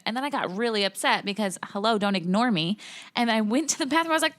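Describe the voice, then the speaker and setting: A woman's voice: on the high side, rapid-fire, dry recording. A woman co-hosting a casual podcast, telling stories bluntly and acting out what others said. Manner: animated, mimics others' voices in her anecdotes; frequent swearing, blunt. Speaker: podcast co-host. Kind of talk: casual storytelling chat.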